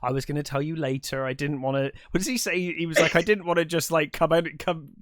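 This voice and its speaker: Guy on a movie podcast going through the plot, bit high voice, dry close sound, lots of ums. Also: quick pace, no echo. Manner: relaxed, lots of ums and restarts while retelling scenes. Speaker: podcast co-host. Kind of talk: casual film chat.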